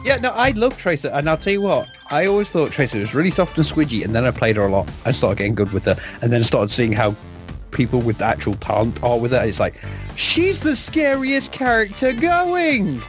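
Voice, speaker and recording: A man co-hosting a casual podcast chat, enthusiastic and quick to laugh. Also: medium pitch, soft background music. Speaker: podcast co-host. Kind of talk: casual discussion.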